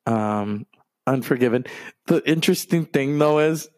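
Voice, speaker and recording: A man's voice: mid-range voice, unhurried, a little mellow, dry recording. A man hosting a podcast, chatting casually in a rambling, profane way and swearing freely. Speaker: podcast host. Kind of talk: casual chat.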